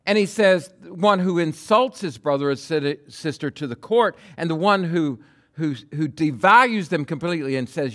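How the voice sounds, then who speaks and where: A man preaching a sermon, acting out quotes with big swings from loud bursts to hushed lines. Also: on the high side, animated, normal speed. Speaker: pastor.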